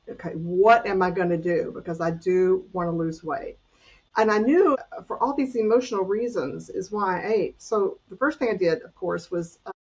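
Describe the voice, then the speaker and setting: An older woman with a breathy, husky voice speaks earnestly, sharing personal struggles in a faith-based podcast conversation. She restarts her sentences often as she works through her thoughts. The recording is dull and lo-fi. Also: medium pitch. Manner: earnest, confessional, with frequent restarts. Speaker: weight-loss coach.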